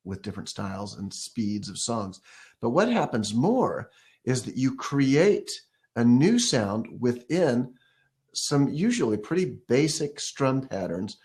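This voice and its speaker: A man's voice: mid-range voice, big pitch swings, takes it slowly, a little mellow. A man giving a casual ukulele lesson, explaining step by step and counting beats or scatting rhythms aloud as he plays. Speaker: ukulele teacher. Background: ukulele playing.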